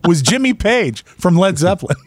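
A man co-hosting a talk show, trading quick banter and laughing often. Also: sits high, sing-song, no echo. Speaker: co-host. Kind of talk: casual radio show chat.

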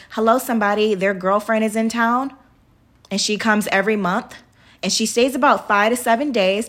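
A woman's voice: fairly high pitch, fairly bright tone. A woman in her thirties hosting a podcast, talking casually and motivationally, chatty, laughing often and calling her listeners y'all. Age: 30s. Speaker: podcast host.

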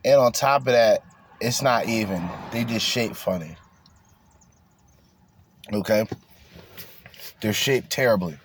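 A man's voice: fairly low pitch, slow, pauses often, a little hiss or hum. A man hosting a casual podcast, ranting bluntly and crudely with lots of swearing. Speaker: podcast host.

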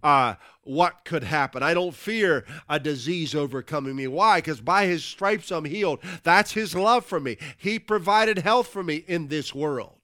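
A male pastor with a bright, somewhat high voice, speaking with emphasis. He declares scripture aloud, and in looser moments he chats warmly with his co-host. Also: lively intonation, a little slow, few pauses, dry recording, studio quality. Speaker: pastor co-hosting. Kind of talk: preaching, then casual chat.

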